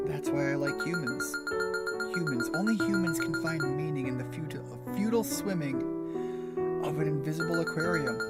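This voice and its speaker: A man's voice: fairly high pitch, natural voice. A man reading as a mournful lonely creator. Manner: slow, soft, mournful reading. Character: sorrowful lonely creator pleading for love. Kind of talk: reading game dialogue aloud. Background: game music.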